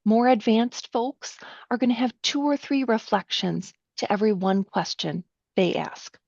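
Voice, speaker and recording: A woman's voice: on the high side, animated, measured pace, creaky, a little mellow. A middle-aged woman, a counselor, teaching a workshop patiently step by step, often checking in with her listeners. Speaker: counselor leading a training session. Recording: dull lo-fi sound, dry.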